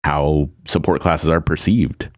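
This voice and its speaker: A man with a very low voice chatting on a gaming podcast. He rambles along with plenty of "like" and "you know", swearing casually as he makes his point. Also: steady tone, unhurried. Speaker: podcast co-host. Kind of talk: casual chat.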